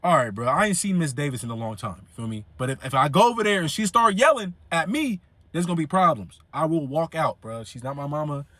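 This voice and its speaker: Comedic storyteller, a man with a high, lively voice, slangy and animated, dry close sound. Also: fast talker, dry recording. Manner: animated and slangy, repeating "you feel me".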